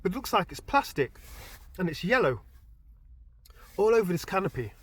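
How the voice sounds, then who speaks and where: Man, casual dream storytelling, animated, fairly high voice, dry close sound. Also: normal speed, breathy edge, dry recording. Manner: animated, voice climbing high and loud when excited. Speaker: vlogger recounting a dream.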